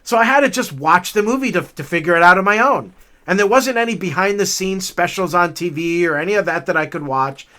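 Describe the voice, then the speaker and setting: A middle-aged man with a high, bright voice chats through a personal story as he walks a forest trail. His telling is animated and casual, and he jumps up in pitch and volume whenever he acts out what someone said. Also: fairly quick. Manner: animated, chatty, raises his voice for acted-out quotes. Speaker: vlog host. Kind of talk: casual storytelling while hiking.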